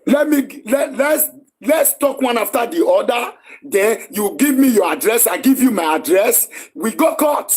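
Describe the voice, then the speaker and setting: A man's voice: very high-pitched, animated, a little slow, a little mellow, husky. A Nigerian man hosting a live stream, scolding and arguing in a heated, repetitive way.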